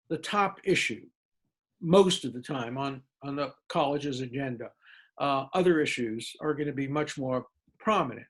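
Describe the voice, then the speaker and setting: A male law professor fielding student questions. His voice sits fairly high for a man, and he talks emphatically, stacking words into lists. His pitch jumps sharply when he turns sarcastic. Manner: animated speaker with big pitch jumps for emphasis. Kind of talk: lecture-style Q&A answer.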